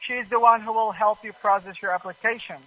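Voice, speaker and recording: A man making a telemarketing call, reading a scripted pitch with halting fillers and broken grammar. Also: fairly even intonation, no room sound, highs cut off. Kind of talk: scripted sales pitch over the phone.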